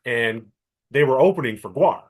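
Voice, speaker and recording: A middle-aged man from Canada, co-hosting a podcast and telling a long story with lively acted-out quotes. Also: medium pitch, normal speed. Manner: animated storyteller, acts out quoted voices. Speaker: podcast co-host. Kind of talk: casual chat.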